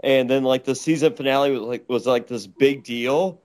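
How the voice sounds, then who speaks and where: A man's voice: mid-range voice, fairly even intonation, moderate pace, darkish tone. Stammering, laughing man telling a story. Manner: rambling, stammering, laughs often. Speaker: interview guest. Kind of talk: casual storytelling with crude jokes. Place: Los Angeles.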